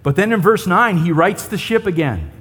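A man's voice: high voice, expressive, moderate pace, a bit bright, husky. A male pastor preaching a sermon in a conversational way, often asking his listeners rhetorical questions. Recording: long hall reverb.

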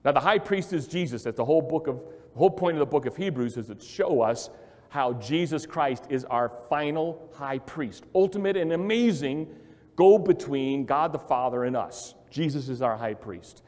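A male pastor preaching a sermon in an emphatic, repetitive way, swinging from quiet to loud. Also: medium pitch, moderate pace. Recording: long hall reverb.

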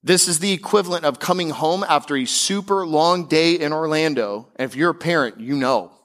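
Emphatic male pastor, higher voice. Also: fairly bright tone. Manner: emphatic preaching with casual asides; slows and climbs in pitch on key declarations. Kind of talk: sermon.

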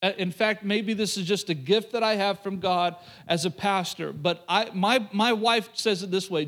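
Male pastor, higher-pitched voice, chatty sermon with playful asides and frequent restarts. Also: normal speed, few pauses, fairly bright tone. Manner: conversational, joking asides with repetitions and restarts.

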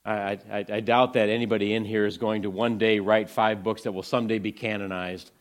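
A man giving an inspirational talk to a church audience, storytelling earnestly and swinging from hushed lines to excited ones. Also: fairly low pitch, a little fast. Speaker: ministry speaker presenting to a church audience.

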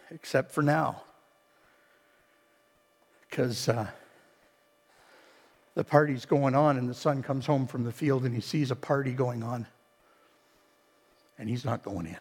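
A male pastor preaching an impassioned sermon, swinging between shouts and quiet storytelling. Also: mid-range voice, husky. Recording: long hall reverb.

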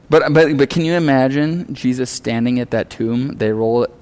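A male pastor preaching a sermon in a relaxed, conversational way, earnest and often acting out the lines he quotes. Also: medium pitch, clean tone.

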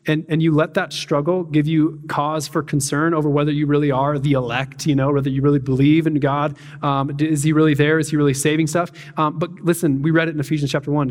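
A man preaches in a loose, talky way, dropping in fillers and playing out little voices. His voice sits a bit high for a man. The sound has a long reverb tail from a large hall. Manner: conversational, peppered with "like" and "man", acts out voices. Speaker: pastor. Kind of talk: casual sermon.

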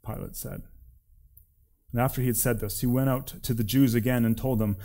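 A man, a preacher, reading scripture aloud in an expressive, deliberate way. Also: medium pitch.

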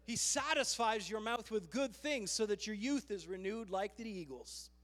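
A man's voice: sits high, normal speed, a bit bright. A male pastor preaching a fervent sermon, calling "come on" to his congregation, in a long hall reverb.

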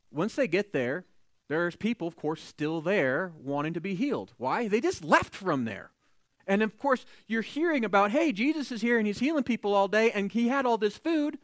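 A man preaching a sermon, retelling a scripture story in a lively, conversational way and acting out the characters' voices. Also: high-pitched, dry recording.

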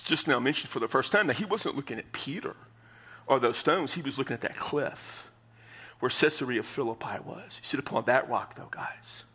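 Male pastor, bright voice, chatty emphatic sermon delivery with acted-out quotes. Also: breathy edge. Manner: conversational, emphatic, acts out quotes with shifting pitch.

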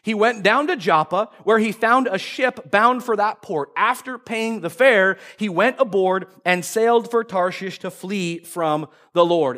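A man preaching a sermon to a congregation as pastor, retelling a story in a lively way and acting out the characters. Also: sits high, moderate pace. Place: church service before a congregation.

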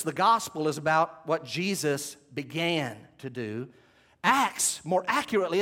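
High-voiced man preaching a teaching sermon. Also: a bit bright. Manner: emphatic, asks the audience questions; stresses key words, has listeners take notes. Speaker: Bible teacher.

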